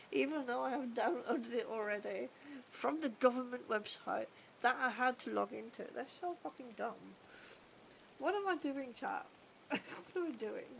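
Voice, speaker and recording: A woman's voice: on the high side, normal speed, creaky, a little hiss or hum. A woman with a British accent, chatting casually and bluntly with her livestream chat while she plays, swearing and poking fun at herself. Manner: blunt, sweary, self-mocking.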